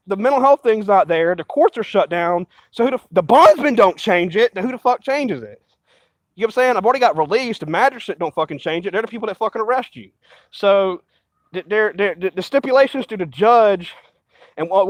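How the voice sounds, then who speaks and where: High-voiced man ranting with heavy cursing. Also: dry recording, low-quality recording. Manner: profane, agitated, repetitive. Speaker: vlogger. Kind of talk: rambling ranting monologue.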